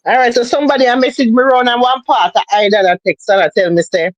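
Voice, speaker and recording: A woman's voice: on the high side, steady tone, fast talker, few pauses, no room sound, poor audio. A woman with a Jamaican accent chatting casually on a livestream, emphatic and repetitive, as if lecturing.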